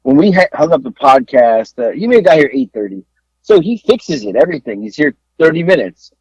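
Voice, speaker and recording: A man co-hosting a podcast, telling a story in a casual, animated way and acting out the people he talked to on the phone. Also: on the high side, a little fast, husky, dry recording. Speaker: podcast co-host. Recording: dull lo-fi dry sound.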